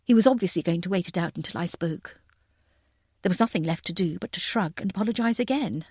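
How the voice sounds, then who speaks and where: A woman narrating a novel in the first person, in a wry, lively storytelling manner. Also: fairly low pitch, fast talker, husky, no echo, studio quality. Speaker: audiobook narrator.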